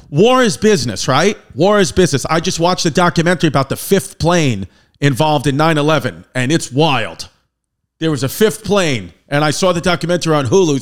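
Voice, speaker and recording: A man in his thirties hosts a comic history lesson, his voice sitting a little high for a man. He talks loosely and swears freely. He breaks into sudden loud bursts to land his jokes. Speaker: comedian host of a history show.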